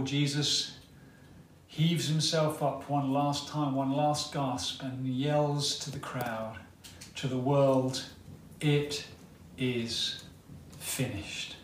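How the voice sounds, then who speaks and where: A male preacher giving a sermon, retelling a story dramatically with long pauses. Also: mid-range voice, slight background noise. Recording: roomy hall, mic at a distance, faint ambience.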